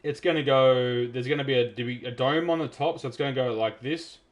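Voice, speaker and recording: A man from South Australia with an Australian accent, giving chatty, excitable live commentary while streaming a game. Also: medium pitch, a little fast. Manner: chatty, excitable, self-interrupting. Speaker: gaming streamer.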